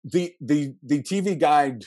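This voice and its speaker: A man from Western Pennsylvania in his fifties with a Pittsburgh accent, a podcast guest telling animated, jokey stories. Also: on the high side, no room sound, clean studio sound. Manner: animated storyteller, jokey, quick asides. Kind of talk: casual podcast interview.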